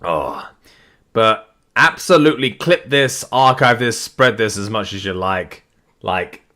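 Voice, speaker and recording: A man's voice: fairly low pitch, expressive, slow pace, bright, forceful tone. A tired man reading a comic aloud live to his chat, casual and swearing, his voice sticking late in a long session. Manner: weary, rambling, swears casually. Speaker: live-stream reader. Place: home streaming setup. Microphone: desk mic with facecam.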